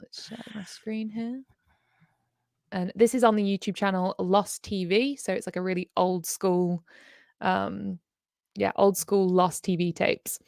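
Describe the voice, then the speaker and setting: A woman's voice: medium pitch, fairly even intonation, measured pace, gravelly, darkish tone, no echo, studio quality. A woman hosting a casual reaction livestream, chatty and upbeat with frequent ums and laughs. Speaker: livestream host.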